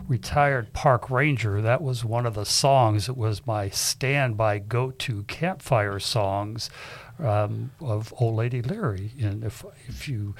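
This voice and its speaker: A man's voice: on the low side, takes it slowly. An older man, a retired park ranger, chatting on community radio in a folksy storytelling way. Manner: folksy storyteller, repeats words when starting. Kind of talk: casual radio chat.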